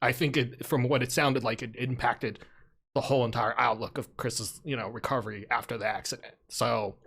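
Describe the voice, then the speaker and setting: Bright-voiced man telling a story. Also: mid-range voice, a little fast, gravelly. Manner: animated storyteller, laughs through his story. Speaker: podcast co-host. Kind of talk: casual storytelling.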